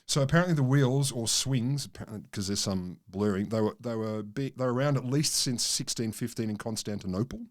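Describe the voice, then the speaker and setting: A man's voice: medium pitch, brisk, hardly any pauses. A man co-hosting a science podcast, telling a story in a rambling, amused way with many restarts. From Australia. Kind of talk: casual science chat.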